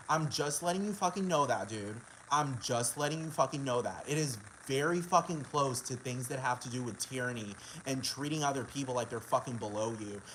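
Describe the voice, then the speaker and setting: A fired-up man vents on a vlog, swearing in nearly every sentence and circling back to the same points. His voice sits a touch high for a man, and a faint hiss runs under it. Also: a bit bright, rough recording. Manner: profane and heated, repeating himself; keeps asking if the listener understands. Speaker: vlogger. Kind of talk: casual rant.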